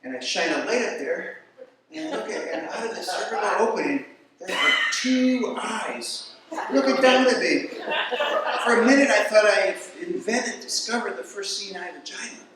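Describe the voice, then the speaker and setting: Stand-up comic, man with a high voice, storytelling, heard from afar in a boomy room. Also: moderate pace, a loud crowd. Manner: storytelling, animated voices for quoted people. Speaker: stand-up comedian. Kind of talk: stand-up comedy routine. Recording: echoey room, mic far off.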